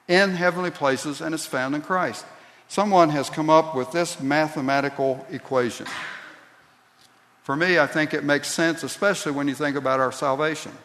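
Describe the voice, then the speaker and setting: A man preaching a sermon as pastor, slow and deliberate, building to emphatic peaks. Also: on the high side, fairly even intonation, fairly bright tone. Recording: long reverb of a large hall.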